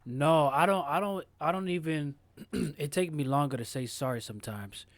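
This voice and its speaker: A man co-hosts a casual podcast in a measured, questioning way and often clears his throat. His voice sounds dry and close to the mic. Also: fairly high pitch, no room sound. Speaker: podcast co-host. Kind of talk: casual chat.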